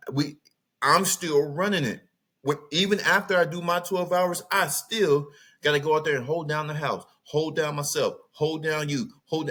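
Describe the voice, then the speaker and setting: A podcast host from California with a Southern US accent speaks in a medium-pitched, fairly bright voice. His monologue is emphatic, repetitive, and preachy, a rant punctuated by bursts of laughter.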